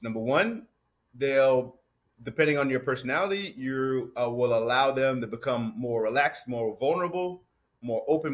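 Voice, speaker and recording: A man in his thirties speaks in an easygoing, conversational tone. His voice sits at an ordinary middle pitch. He tells his story casually and acts out bits of dialogue as he goes. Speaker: barber and business owner.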